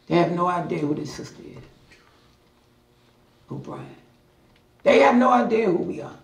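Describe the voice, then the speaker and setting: In an echoey room with a distant mic, a man with a high, expressive voice and some vocal fry teaches a Bible study class at a moderate pace. He preaches in a passionate, hollering style, hammering points home through repetition.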